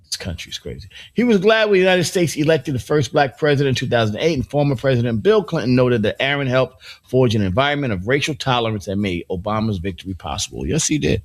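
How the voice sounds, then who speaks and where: A man's voice: medium pitch, lively intonation, quick pace, dry recording. A middle-aged man hosting a morning show in casual banter, rambling and joking with many restarts and asides. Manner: playful, joking.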